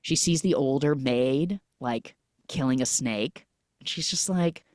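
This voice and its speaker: A woman's voice: rumbling low, measured pace, darkish tone, dry recording, studio quality. A woman recapping a film on a podcast in a casual, chatty way, full of "like" and "you know," who acts out the characters' lines as she goes. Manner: chatty, filler-heavy storytelling that acts out the lines.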